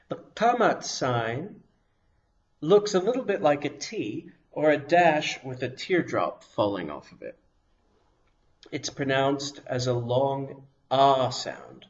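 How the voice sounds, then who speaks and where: Speaking at a medium pitch, a male teacher takes his students through a language lesson with patience. Every sound gets an explanation, and he says each example slowly and with care.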